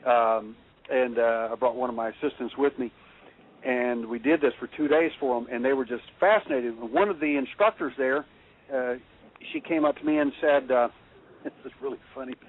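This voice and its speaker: A man's voice: mid-range voice, fairly even intonation, normal speed. A man, a guest expert, telling long rambling stories with many fillers and restarts, chuckling as he goes. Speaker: guest expert on handwriting analysis. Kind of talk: rambling anecdotal storytelling. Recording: tinny phone line.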